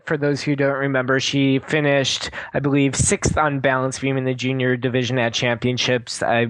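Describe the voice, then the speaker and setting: A man's voice: a little high, a bit bright, no room sound, low-quality recording. A man with a Wisconsin accent co-hosting a podcast, reading a casual news roundup and laughing easily. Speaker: podcast co-host.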